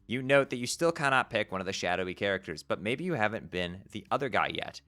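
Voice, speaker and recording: A man streaming, reading a webcomic aloud to his chat, animated and quick to swear and rant. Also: on the low side. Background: faint background music.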